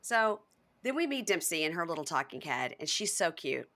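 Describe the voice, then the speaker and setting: A bright, lower-pitched woman chats casually as a podcast host. She is animated, recapping the show and slipping into playful voices for the quotes. Her talk is breezy and conversational. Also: moderate pace.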